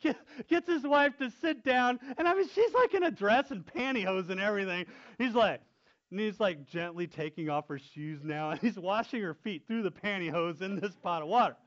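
Animated, high-voiced man laughing through a story. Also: moderate pace. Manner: animated, laughs often while telling. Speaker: youth pastor telling a story. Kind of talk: casual storytelling. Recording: dull lo-fi sound.

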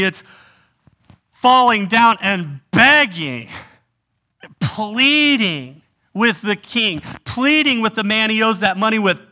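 A male pastor delivering a sermon with a high, bright voice. He preaches expressively and slips into a pleading tone when he acts out a scene. His delivery moves between easy asides and earnest conviction. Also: expressive, takes it slowly.

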